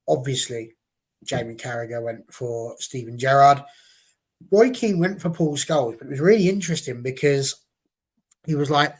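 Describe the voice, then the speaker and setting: A man's voice: mid-range voice, animated, normal speed. A man from England hosting a casual football fan chat, leading the questions in a chatty way. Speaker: podcast host.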